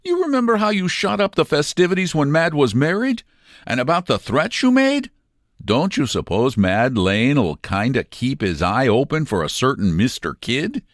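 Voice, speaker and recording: A man's voice: mid-range voice, big pitch swings, normal speed, no room sound, clean studio sound, voice pushed up, natural voice. A man voicing a plain-spoken male outlaw sidekick who scolds his partner in folksy speech. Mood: chiding.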